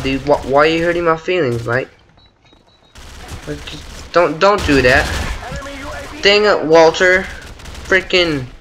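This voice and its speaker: A man's voice: on the high side, bright, forceful tone, slight background noise. A teenage boy casually commentating a shooter game at home, chatty and trash-talking, with lots of mild exclamations. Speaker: gaming commentator. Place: bedroom at home.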